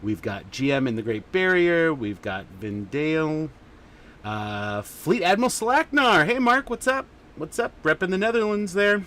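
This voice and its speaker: A man's voice: on the high side, sing-song, a little slow, bright, forceful tone. A man hosting a casual livestream chat, rambling along with lots of fillers. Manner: rambling and chatty, many fillers. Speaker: podcast host.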